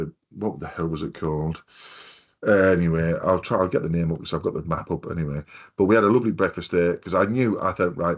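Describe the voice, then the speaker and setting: A man with a Hartlepool accent from North East England, hosting a casual podcast and telling long, rambling stories with plenty of swearing. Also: deep voice. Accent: North East English, Hartlepool. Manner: rambling anecdotal storyteller, swears freely. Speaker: podcast host. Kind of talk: casual chat.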